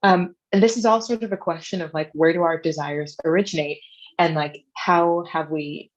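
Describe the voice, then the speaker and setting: A woman with a low, deep voice talks as a guest author over a video call. She probes her subject through one question after another, in a loose and conversational way. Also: steady tone, moderate pace, highs cut off. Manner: probing, poses rhetorical questions. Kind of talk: casual discussion.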